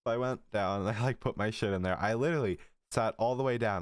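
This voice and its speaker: A man's voice: fairly low pitch, a little fast, hardly any pauses, no echo. A teenage boy telling rambling stories in a casual storytime vlog, giggly and full of profane asides, his throat a little dry. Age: teens. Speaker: storytelling creator.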